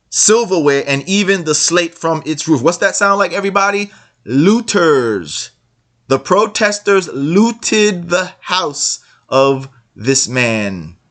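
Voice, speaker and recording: A man's voice: mid-range voice, fairly bright tone. A man delivering a monologue to listeners, reading from a text and commenting on it with emphatic repetition. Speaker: online commentator.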